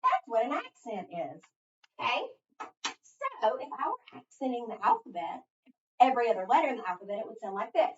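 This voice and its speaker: A woman's voice: a little high, big pitch swings, fairly quick. A middle-aged woman teaching phonics to a child, asking patient prompting questions. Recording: echoey, distant, dull recording.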